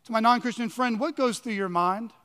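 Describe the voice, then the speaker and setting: A man preaching a sermon with emphatic, measured delivery and dramatic pauses, often dropping his voice low for effect. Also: a bit bright. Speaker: pastor. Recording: long reverb of a large hall.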